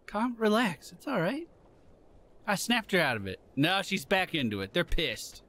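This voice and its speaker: A man giving excitable let's play commentary, laughing, swearing and talking to the game characters as he plays. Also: sits high, moderate pace, a little hiss or hum. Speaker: gaming channel host.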